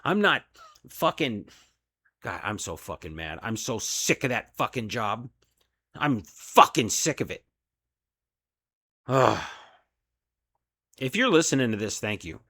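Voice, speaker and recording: A man's voice: mid-range voice, sing-song, takes it slowly, pauses often, sharp tone, slightly rough, no echo, studio quality. A man, a delivery driver, venting in an angry, profane solo rant about his job. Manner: profane, heated, frustrated.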